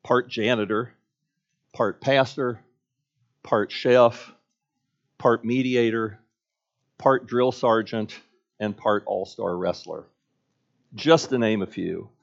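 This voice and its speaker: A middle-aged male pastor giving an earnest sermon, using rhetorical questions and measured pauses. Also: fairly low pitch, vocal fry, dull audio.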